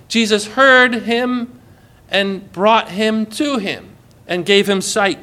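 A man's voice: high voice, takes it slowly, clear, resonant tone. A man preaching a sermon in a conversational way, acting out quoted lines and adding light asides. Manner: expressive, acts out quoted lines with shifts in volume and pace.

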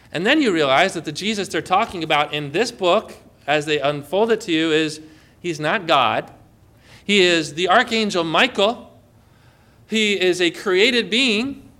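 A man's voice: sits high, pushed and bright. A man preaching a sermon as pastor, emphatic and often putting questions to the congregation.

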